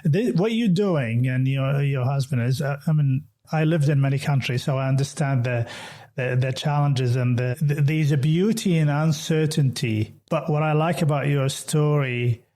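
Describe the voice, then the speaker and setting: A man's voice: medium pitch, moderate pace, mellow. A man from an Arabic-speaking country hosting a podcast, talking hesitantly and repeating words as he goes. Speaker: podcast host. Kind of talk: conversational interview.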